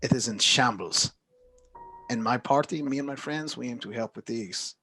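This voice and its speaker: A man's voice: medium pitch, normal speed, bright, forceful tone, faint music behind. A man voicing an earnest, persuasive wandering bard in a tabletop game.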